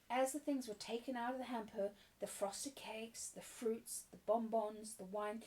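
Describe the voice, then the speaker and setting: A woman reading a classic novel aloud in a gentle, measured way, with the odd small restart. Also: a little high, recorded from a distance. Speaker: storybook reader.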